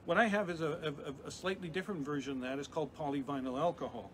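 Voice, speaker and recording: Middle-aged man, fairly high voice, chemistry professor, lively chatty kids' science demo, noisy hiss behind. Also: quick pace. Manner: lively, chatty explainer with frequent restarts. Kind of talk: live science demonstration for kids.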